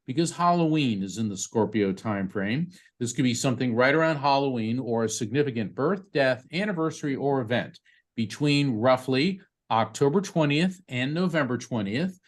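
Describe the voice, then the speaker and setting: This psychic medium, a man with a medium-pitched voice, is doing a live reading for a bereaved parent on a video call. His talk is conversational but broken up, packed with fillers and false starts.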